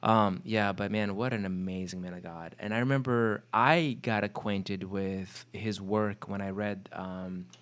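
A man hosting a casual interview, asking questions in a relaxed, filler-heavy way and livening up when he tells stories. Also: on the low side, a little slow, hardly any pauses. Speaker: podcast host.

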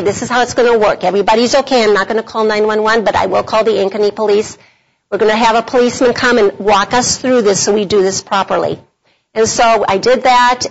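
A middle-aged woman speaking at a women's conference workshop, telling a personal story in a chatty devotional style with frequent laughs. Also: a little high. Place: meeting room at a conference. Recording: dull lo-fi conference audio.

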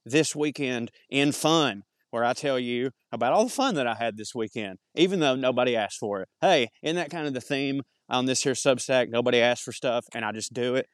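A man's voice: medium pitch, a little fast, few pauses, no echo. A man with a thick Southern US accent, rambling in a chatty, self-deprecating way as a podcast host while walking outdoors in the woods. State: slightly out of breath walking uphill. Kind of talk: rambling monologue.

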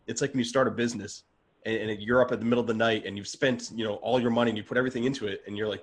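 Guy with a husky kinda breathy voice, earnest, keeps restarting his sentences, casual podcast guest chat. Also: medium pitch, fairly even intonation, racing. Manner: earnest, stammering restarts, gets worked up. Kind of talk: casual conversation.

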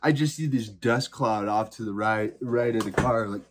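A man's voice: fairly low pitch, normal speed, noisy background. A man hosting a podcast, telling a personal story in a rambling, profane way full of fillers and restarts. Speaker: podcast host. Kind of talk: casual storytelling.

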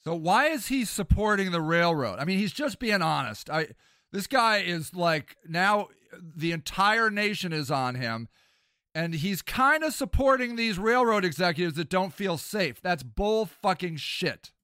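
A male host gives blunt, sarcastic reaction commentary, picking apart what he hears. His voice is high and bright. The close mic sounds dry. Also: expressive, unhurried, no echo.

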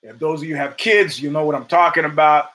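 An older man hosting his own show, talking in a rambling, profane, animated monologue full of stories. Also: fairly high pitch, fairly quick. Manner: profane, rambling, animated storytelling with acted quotes. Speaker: podcast host. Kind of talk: casual monologue.

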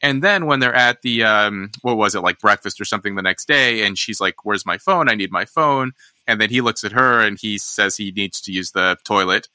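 A man's voice: on the low side, fairly quick, hardly any pauses, bright, forceful tone, clear, resonant tone, no room sound. A man hosting a podcast, chatting casually and thinking aloud with lots of restarts. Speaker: podcast host. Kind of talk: casual discussion.

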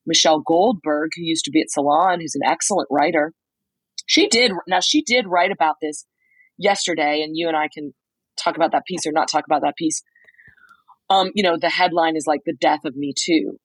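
A woman co-hosting a podcast, telling a lively story in casual chat, acting out quotes with lots of "like"s. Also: low-pitched, a little fast, slightly rough, dry recording, poor audio. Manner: animated storyteller, many "like"s, acts out quotes. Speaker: podcast co-host reporting from a trial. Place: motel room.

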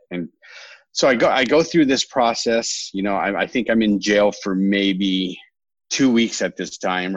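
A man's voice: low voice, fairly bright tone, no echo, muffled recording. A man in his thirties from California, a podcast guest telling his own story in a candid, rambling way, often correcting himself with a wry humor.

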